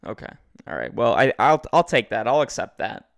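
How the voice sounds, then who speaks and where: A man's voice: medium pitch, very animated, fairly quick, vocal fry. An American man hosting a podcast over a call, chatting casually and teasing his co-hosts. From United States. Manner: teasing, joking banter. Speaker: podcast host. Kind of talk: casual chat. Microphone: video call.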